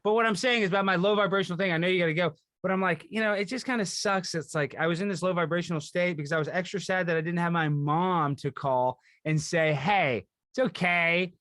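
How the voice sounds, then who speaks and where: Fast, high-pitched rambling man. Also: no room sound, studio quality. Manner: rambling, restarts often, fast excitable talk. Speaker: podcast host. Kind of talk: casual podcast chat.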